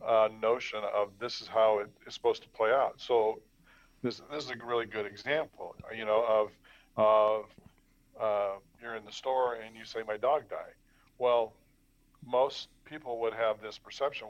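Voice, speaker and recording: A man's voice: on the low side, fairly even intonation, a little slow. A man in a discussion, reflecting aloud in a hesitant way with many "you know"s and restarts. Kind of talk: conversational discussion. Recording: dull lo-fi mic.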